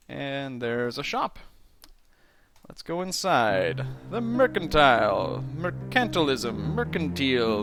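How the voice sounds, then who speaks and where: A man casually commenting on a computer game while reading its text aloud, joking and sometimes stumbling over words. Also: fairly high pitch. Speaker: let's play host.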